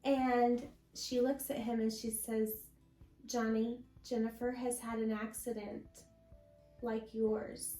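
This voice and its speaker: A woman guest sharing a personal faith testimony in an interview, telling her story slowly and from the heart. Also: a little high, little pitch movement, mellow, echoey room, faint music behind, rough recording. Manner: slow, heartfelt storytelling with many pauses.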